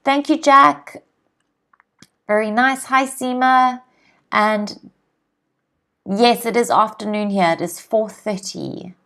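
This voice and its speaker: A woman teaching English on a live stream, speaking slowly and clearly and repeating each word for students to copy. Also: a little high, sharp tone. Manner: slow, clear, repeats words for pronunciation drills. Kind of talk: live-streamed vocabulary lesson.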